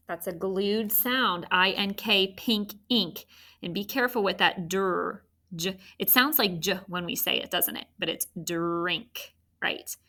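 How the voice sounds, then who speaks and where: A woman's voice: mid-range voice, normal speed, bright, forceful tone. A woman teaching a children's phonics lesson, spelling out letters and encouraging the students.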